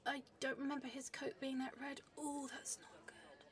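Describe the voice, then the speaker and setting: A woman's voice: sits high, steady tone, moderate pace, recorded from a distance. Flustered woman playing spy, whispering. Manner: flustered, swings between loud romantic gushing and hushed whispers. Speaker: narrator playing a spy to the listener. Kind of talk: comedic spy role-play monologue.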